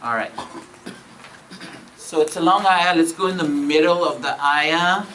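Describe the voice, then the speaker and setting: A man's voice: fairly high pitch, pushed and bright, a little hiss or hum, low-quality recording. Man teaching a grammar lesson to a class. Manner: repeats points, checks with "all right?"; recites verses quickly in melodic Arabic. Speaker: Arabic teacher. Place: classroom with students.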